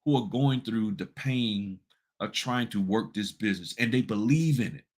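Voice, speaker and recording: A man's voice: fairly low pitch, normal speed, darkish tone. A man hosting a notary business channel, talking casually and bluntly, firing off rhetorical questions in a colloquial way. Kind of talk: casual advice talk with screen walkthrough.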